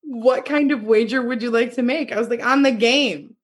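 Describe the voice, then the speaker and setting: A woman's voice: on the high side, moderate pace, breathy edge. A young woman co-hosting a podcast, animatedly retelling a dating story with acted quotes and laughter. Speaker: podcast co-host. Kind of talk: casual chat, storytelling.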